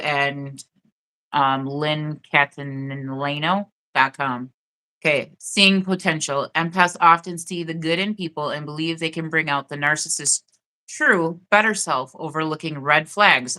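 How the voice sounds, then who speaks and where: A woman hosts a live spiritual stream, reading her notes aloud in a chatty way and often checking in with "okay?". Her voice sits low but sounds bright, with a forceful tone.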